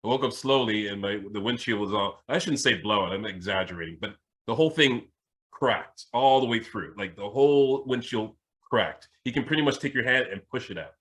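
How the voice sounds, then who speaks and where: A man's voice: lowish voice, brisk, slightly rough. A man from Jamaica, a spiritual teacher hosting a podcast, tells a personal story in casual chat, restarting his sentences often. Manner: animated anecdote telling with frequent restarts.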